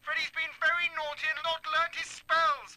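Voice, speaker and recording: A stammering English prank caller. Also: male voice, extremely high pitch, little pitch movement, moderate pace, bright, forceful tone, no room sound, full character voice. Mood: flustered. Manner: nervous stammering, repeats words. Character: stammering English businessman caller, secretly kinky. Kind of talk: video game radio comedy acting.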